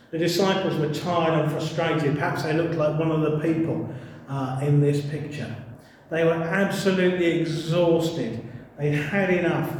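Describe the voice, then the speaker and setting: A man preaching a sermon in a church, animated and humorous, acting out little voices as he tells the story. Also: on the high side, slight background noise. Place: church hall. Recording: distant mic in echoey hall.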